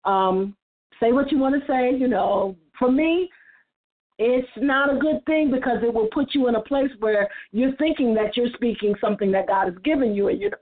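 Earnest higher-voiced woman on a phone line. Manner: earnest, repeats words when starting a thought. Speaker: panelist on a church roundtable. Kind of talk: casual church discussion and personal testimony.

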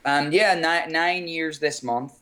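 An Irish man from Ireland, calling in as a guest singer and chatting in an easygoing way, chuckling and pausing on fillers. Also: fairly high pitch, sharp tone. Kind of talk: casual call-in chat.

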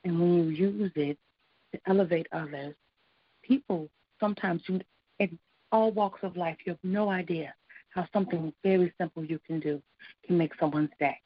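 A woman's voice: on the low side, moderate pace, no echo. A woman guest on a talk radio show, speaking in an encouraging, faith-centered way. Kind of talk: casual chat. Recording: dull, dry lo-fi radio sound.

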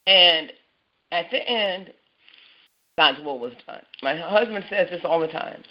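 A woman giving an earnest personal testimony on a church call, halting and repeating herself as she speaks. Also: deep voice, animated. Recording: muffled lo-fi call audio.

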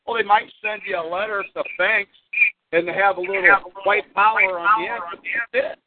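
A man's voice: sits high, fairly even intonation, normal speed. A man in casual call-in talk, rambling through plain explanations. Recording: tinny phone line with faint hiss.

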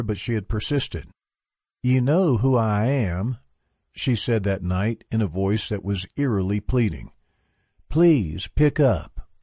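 A man reading a memoir aloud for a book club, at a measured, even pace. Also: lowish voice, dry recording, clean studio sound.

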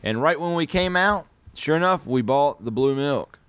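A man's voice: on the high side, lively intonation, clear, resonant tone, no room sound. Male podcast host, rambling casual chat, dry mic. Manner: rambling, drawn-out sign-off with playful shouts.

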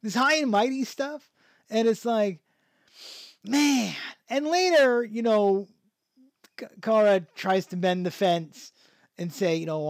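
A man's voice: high-pitched, slow, pauses often, no room sound, studio quality. A man hosting a podcast, talking through a show review in a rambling way, with many restarts and frequent chuckles. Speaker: podcast host. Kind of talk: casual review chat.

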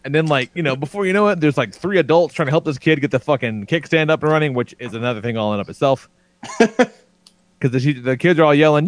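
Brief: lively, swearing male storyteller, slightly high voice, dry close mic. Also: fast talker, no room sound. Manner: profane, excitable, laughing storyteller. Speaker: podcast co-host. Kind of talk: animated storytelling.

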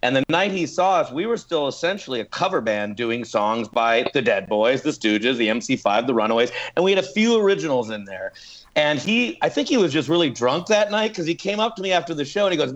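A man's voice: on the high side, a little fast, muffled recording. A man telling stories as a guest musician in a casual interview, acting out the quotes of others. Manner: animated storyteller acting out quotes. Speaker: guest musician in a punk band.

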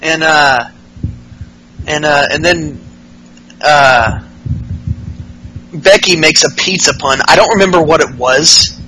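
A podcast host talks through a casual, profane recap in a bright, forward voice pitched a little high. He rambles and restarts, with plenty of fillers between points. A faint hiss sits under the voice. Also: slow, pauses often, poor audio.

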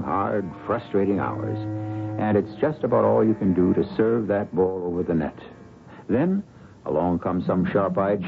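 Gravelly, wry radio drama host. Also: male voice, on the low side. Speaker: host and narrator. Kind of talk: scripted radio drama introduction. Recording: lo-fi 1970s radio broadcast with music.

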